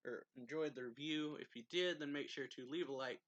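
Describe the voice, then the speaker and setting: A man's voice: fairly high pitch, brisk, a bit bright, no room sound, highs cut off. A man casually retelling a manga chapter as a reviewer, with frequent laughs and "he's like" asides. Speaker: anime reviewer.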